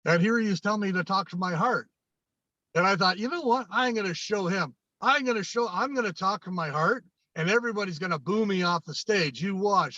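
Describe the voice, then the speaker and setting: A man's voice: high-pitched, bright, forceful tone, no echo. A man, a guest on a podcast, telling anecdotes in conversation and acting out the dialogue, often restarting and repeating phrases. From Canada. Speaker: podcast guest, sales coach. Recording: dry, dull lo-fi sound.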